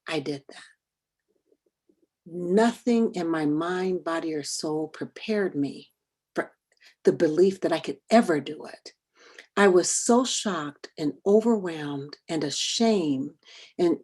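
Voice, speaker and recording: A middle-aged woman giving a talk, telling a personal story expressively, sometimes dropping to a hush and sometimes rising with feeling, on a video call. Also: lowish voice, husky. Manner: expressive, swings from hushed to animated. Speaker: workshop speaker on parenting and bias.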